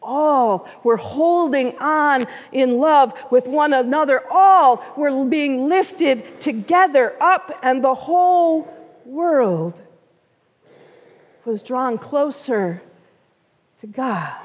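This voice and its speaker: A woman pastor tells a story from the pulpit in a high, slow, unhurried voice. She gives the quoted figures small voices of their own. The sound rings with the long reverb of a church sanctuary. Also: animated, lo-fi sound. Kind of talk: storytelling sermon.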